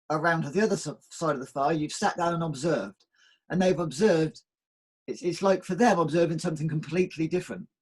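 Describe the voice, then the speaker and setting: A man in reflective conversation, telling stories at an easy pace and circling back over his words. His voice is a touch high and husky. The talk is casual spiritual chat. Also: darkish tone. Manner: reflective, storytelling, repeats words. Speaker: co-host.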